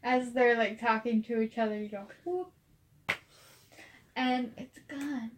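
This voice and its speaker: A woman's voice: fairly high pitch, unhurried, noisy background. A woman running a tabletop game as game master, playful and slipping into character voices.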